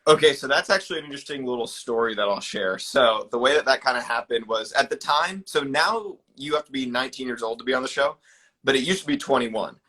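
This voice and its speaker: Bright-voiced eager young man. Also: mid-range voice, fast. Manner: eager, animated storyteller. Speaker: guest, ninja competitor. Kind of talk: casual storytelling.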